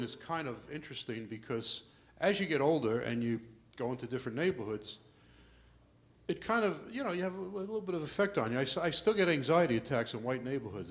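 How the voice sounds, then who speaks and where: An older man doing a stand-up comedy set in a club, telling stories with asides to the crowd and getting louder for the punchlines. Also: medium pitch. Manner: storytelling with asides to the crowd, rising loud for punchlines.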